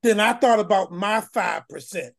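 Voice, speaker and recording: A man's voice: high voice, normal speed, gravelly. A man telling a story in an emphatic, slangy way. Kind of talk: casual storytelling.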